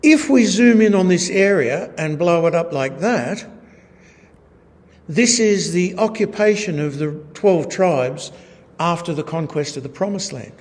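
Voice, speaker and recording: In a large, echoey hall with long reverb, a Bible teacher delivers a sermon-style lesson, moving through slides. His slightly high voice is expressive and unhurried, with a wry edge and frequent rhetorical tag questions.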